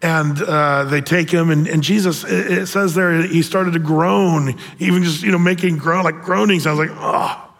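A man preaches in a fairly high voice, telling the story with playful, animated asides. His words carry a long reverb, as in a large church hall. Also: moderate pace, few pauses. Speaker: pastor. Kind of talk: sermon.

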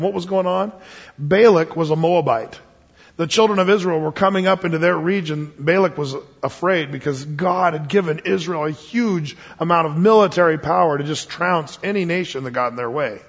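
A male pastor preaching an expository sermon, telling the story in an animated way with chuckles and asides, his voice husky. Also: on the high side. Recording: dull lo-fi sound with long hall reverb.

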